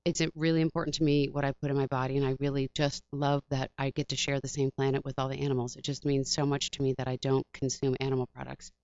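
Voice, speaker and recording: A woman's voice: very deep voice, flat delivery, fast talker, hardly any pauses, a little mellow, muffled recording. A woman from the Washington, D.C. area, a guest chatting casually and rambling, acting out her own quotes. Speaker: actress guest. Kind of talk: casual interview chat.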